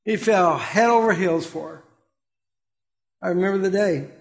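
A middle-aged male pastor giving a sermon. He talks conversationally, asks the congregation questions, and swings from loud exclamations to quiet asides. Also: sits high, moderate pace, creaky.

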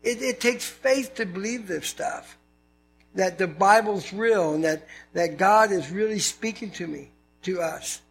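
A man's voice: sits high, measured pace, gravelly. A man preaching a sermon as pastor, in an earnest, conversational way with scripture readings.

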